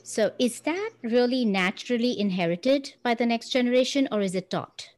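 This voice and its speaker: A woman's voice: on the high side, animated, normal speed. Woman interviewer asking questions.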